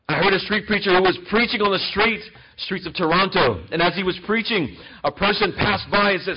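A male pastor preaches with emphasis, shifting from forceful lines to near-quiet ones. His voice is high and husky. The sound is dull and lo-fi, like a church recording. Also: fairly quick. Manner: emphatic, swinging between loud and soft. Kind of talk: sermon.

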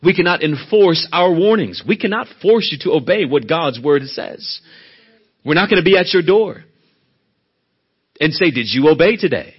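A man's voice: on the high side, expressive, moderate pace, husky, dull audio. A man preaching a sermon as a church elder, pressing hard on key words and then dropping to a near whisper. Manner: emphatic, rising to loud stresses then dropping to a soft hush.

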